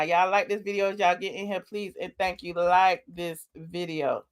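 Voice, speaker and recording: A woman's voice: fairly low pitch, fairly even intonation, moderate pace. A woman hosting a commentary show, reacting bluntly and sassily to a viral video. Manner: blunt, sassy and outspoken.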